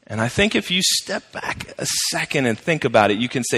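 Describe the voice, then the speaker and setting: A man's voice: medium pitch, very animated, a little fast, hardly any pauses, bright, forceful tone, slightly rough, big-room sound. A male pastor preaching a sermon in a conversational, emphatic way, repeating his key phrases.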